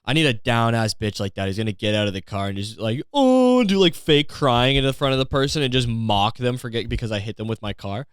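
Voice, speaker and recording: A man's voice: lowish voice, fast, few pauses, a bit bright, clean tone, no room sound, studio quality. A young man hosting a comedy podcast, ranting in a profane, sarcastic way and slipping into mocking voices. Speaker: podcast host.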